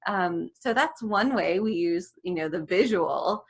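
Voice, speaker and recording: Woman guest, young adult, lively and laughing, video call. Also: lowish voice, a little slow, creaky, breathy edge. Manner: animated, laughs often while talking. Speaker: music therapist guest. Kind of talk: casual interview chat.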